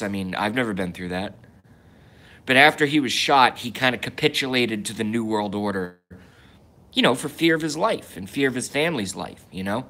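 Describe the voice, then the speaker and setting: A young man holds forth alone on a livestream in a rambling rant. His voice is bright and slightly sharp at an ordinary middle pitch. He stops and restarts his sentences constantly and breaks off to read viewer comments aloud. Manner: rambling, stop-start with many restarts and asides; reads viewer comments aloud and answers them. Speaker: livestream host.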